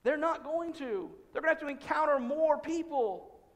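A male pastor with a notably high voice delivers a conversational sermon, acting out little quoted exchanges and sinking to near-whispers on key lines. His words ring out in a church sanctuary, trailing a long, echoing reverb. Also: lively intonation, moderate pace. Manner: conversational preaching with acted-out quotes, dropping to hushed emphasis.

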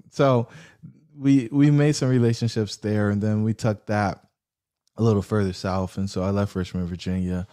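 A man telling a story as an interview guest, his voice mellow and warm. He talks in an animated way, acting out the other people in the story with jumps in pitch. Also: moderate pace, smooth. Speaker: guest, real estate investor.

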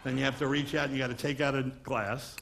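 A man's voice: medium pitch, flat delivery, quick pace, creaky, fairly bright tone, a little hiss or hum. A man from Long Island doing a stand-up comedy magic act, wisecracking patter on stage before a live audience. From Long Island, New York.

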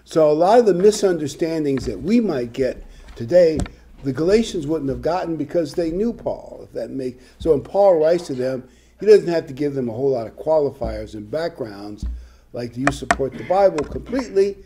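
A man's voice: a little high, lively intonation, moderate pace, mellow, a little hiss or hum. An older man preaching a sermon, reading scripture and adding conversational, humorous asides. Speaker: pastor.

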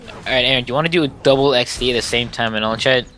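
A man in casual gaming chat with a friend, excitable and teasing, slipping into goofy voices. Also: mid-range voice, very fast, slight background noise. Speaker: gamer, friend of the host.

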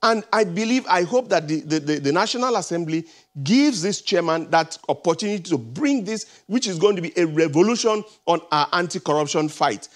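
Nigerian accent, man, panel guest, slightly high pitch, earnest, halting restarts. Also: lively intonation. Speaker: analyst guest. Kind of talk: TV panel discussion. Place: TV studio.

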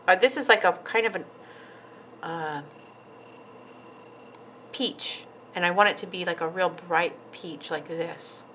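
A woman's voice: medium pitch, bright, forceful tone, slight background noise, poor audio. A woman nail artist casually narrating a tutorial as she works, chatty with frequent ums and asides. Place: nail salon.

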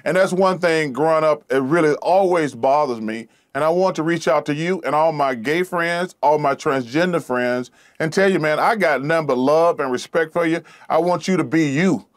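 A man's voice: on the high side, normal speed, few pauses. Earnest fifties man from Alabama. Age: 50s. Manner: earnest, repeats himself while searching for words. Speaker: guest. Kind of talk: earnest talk-show conversation.

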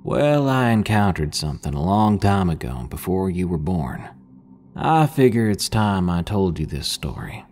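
A man voicing an old country grandfather with a Southern accent, speaking slowly in a serious tone. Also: deep voice, big pitch swings, a little mellow, soft background music, heavily acted. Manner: slow, serious tone.

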